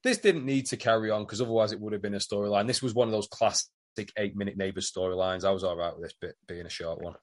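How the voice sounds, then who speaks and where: A man's voice: on the low side, fairly even intonation, fast talker. Blunt man chatting casually. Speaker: podcast co-host. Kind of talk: casual chat.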